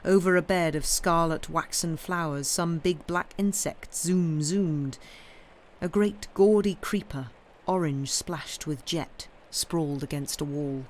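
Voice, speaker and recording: A woman reading literary short stories aloud on a live stream, slow and expressive, lingering over phrases. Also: deep voice, slight background noise.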